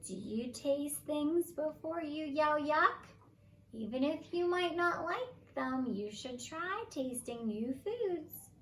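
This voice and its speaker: A woman voicing a wise old male yak in a storybook reading, giving slow, kindly advice. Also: high-pitched, expressive, distant mic, slight background noise, rough recording. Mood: gentle advice.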